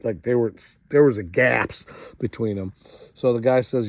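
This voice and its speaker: A middle-aged man hosts and tells a funny story in a casual way. He chuckles as he goes and acts out the other people with big jumps in pitch. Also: unhurried, no echo. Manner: chuckles through the telling. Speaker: host.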